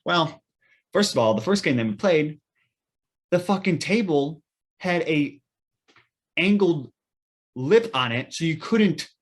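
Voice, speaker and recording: A man's voice: a little high, animated, slow, long pauses. A young man, a podcast co-host, telling a rambling weekend story in casual chat with lots of fillers and restarts.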